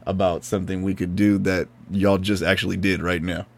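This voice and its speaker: A man's voice: sits low, little pitch movement, a little fast, vocal fry. A man hosting a podcast in casual chat, laughing often as he steers the show from one segment to the next. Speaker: podcast host.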